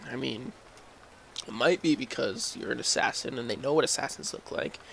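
This gameplay commentator has a mid-range, slightly fry-tinged voice and talks at an ordinary pace. He chats loosely through his let's-play, laughing and talking back at the screen, while loud game music plays under him and faint noise sits in the background.

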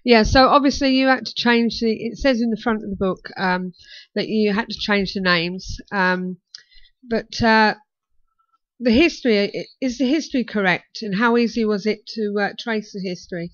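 A woman with a medium-pitched voice speaks at a moderate pace, with no echo but a muffled, dry sound. As a radio talk show host in casual chat, she's talkative yet hesitant, using lots of fillers.

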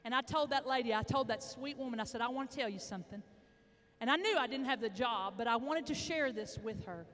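A middle-aged woman with an Arkansas accent giving a motivational speech, telling folksy stories with dramatic pauses. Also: a little high, a bit bright. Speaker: motivational speaker. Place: large indoor hall, addressing an audience. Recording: echoey large hall.

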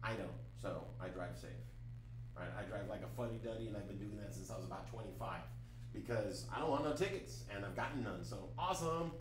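A middle-aged driving instructor gives a classroom lecture in a chatty, storytelling manner, often checking in with students by asking "right?" His voice is on the low side and brisk, with a roomy sound and a noisy background.

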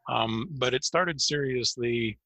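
A man being interviewed, talking casually with frequent fillers and pauses. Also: medium pitch, pushed and bright, no room sound, low-quality recording. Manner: hesitant, many fillers. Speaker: interview guest, marathon runner. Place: lives in a large Canadian city.

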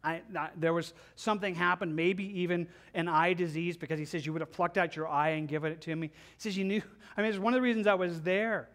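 Man, pastor, sermon, earnest and pleading, stammering restarts, higher-pitched voice. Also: fairly even intonation, fast talker, hardly any pauses, a bit bright.

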